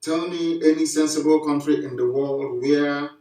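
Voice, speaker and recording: A man's voice: fairly high pitch, steady tone, moderate pace, mellow. A man giving an impassioned live broadcast address, preaching emphatically with rhetorical questions and repetition. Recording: echoey, distant from the mic.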